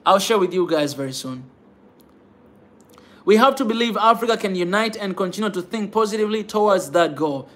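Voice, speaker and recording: A man with a rather high voice talks fervently to his viewers as host of a pan-African channel. He repeats his phrases for emphasis and keeps tagging them with "man," pleading more than lecturing. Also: lively intonation, brisk, fairly bright tone. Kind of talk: impassioned livestream talk to viewers.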